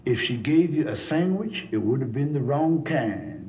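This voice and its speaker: A man voicing a calm older male sponsor who speaks slowly and gives wise counsel, on a dull cassette tape. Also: medium pitch, slight background noise, voice pushed down, close to an everyday voice.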